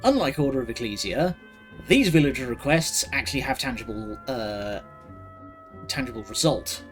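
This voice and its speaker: A man's voice: medium pitch, expressive, normal speed. Dry, sardonic male game streamer. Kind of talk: casual gameplay commentary. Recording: voice over loud game music.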